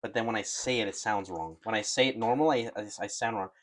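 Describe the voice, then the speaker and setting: A man's voice: fairly low pitch, quick pace. A man co-hosting a podcast, rambling in casual chat, laughing and swearing as he goes. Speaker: podcast co-host.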